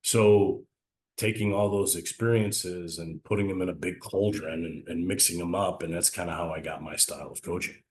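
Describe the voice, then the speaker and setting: A man with a very low, deep voice looks back on a long baseball career. He talks in an earnest, reflective way, mixing stories with his faith. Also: fairly even intonation, moderate pace, a little mellow. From Italian-American family. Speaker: baseball coach and former player. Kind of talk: casual interview conversation.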